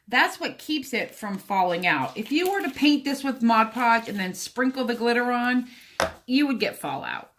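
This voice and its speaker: A woman's voice: on the high side, a bit bright. A woman talking through a sewing and painting craft tutorial in a casual, chatty way, speaking straight to the viewer as she works. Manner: chatty, talks to the viewer while working. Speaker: craft vlogger.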